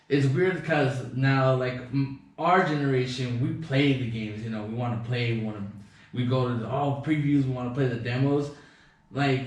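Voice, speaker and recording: A man's voice: medium pitch, recorded from a distance. Rambling man with an echoey sound. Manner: rambling storyteller, swears, joking boasts. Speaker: podcast guest. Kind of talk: casual chat. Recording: echoey room, voice off-mic.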